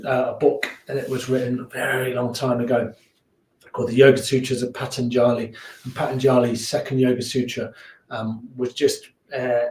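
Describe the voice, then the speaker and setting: A man teaching a beginner yoga class in a relaxed, chatty, encouraging way that sometimes laughs at himself. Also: mid-range voice, slight background noise. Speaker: yoga instructor. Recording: echoey room, voice from a distance.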